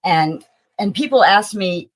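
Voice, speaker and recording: Older woman guest, animated storyteller who acts out the people in her stories, mid-range voice, interview setting. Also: medium pitch, measured pace. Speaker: talent agency founder, podcast guest.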